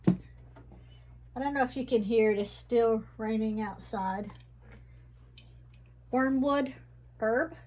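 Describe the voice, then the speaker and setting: A woman's voice: fairly high pitch, a little mellow, slight background noise. Chatty Southern woman with a Texas-Tennessee accent. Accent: mixed Texas and Tennessee Southern US. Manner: chatty, rambling, says she talks fast. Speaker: vlogger showing her herb shelf. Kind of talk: casual home vlog chat. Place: indoors at home, rain outside.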